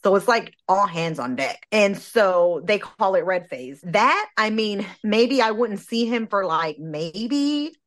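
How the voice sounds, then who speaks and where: A woman's voice: medium pitch, takes it slowly, hardly any pauses. A woman in her thirties, a military spouse co-hosting a podcast, chatting casually and telling stories with acted-out quotes and frequent laughs. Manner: animated storytelling, acts out quotes, laughs often. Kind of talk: casual chat.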